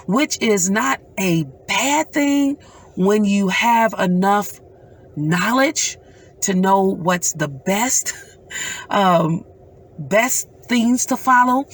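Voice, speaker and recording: A middle-aged woman, a mother, telling a personal story in an earnest, emotional way with pauses. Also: medium pitch, husky. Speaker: mother recounting a dream.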